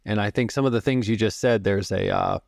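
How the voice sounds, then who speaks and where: A man in his fifties, a podcast guest, telling stories about music and meditation in a calm, reflective way and explaining through analogies. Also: fairly low pitch, brisk, gravelly, no room sound, studio quality. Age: 50s. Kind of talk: storytelling interview talk.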